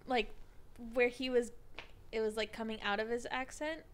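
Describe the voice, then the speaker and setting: A woman speaks in relaxed conversation with a slightly raised pitch. She stops and starts often, working her way toward what she means. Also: clean tone. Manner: halting, searching for words. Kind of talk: casual chat.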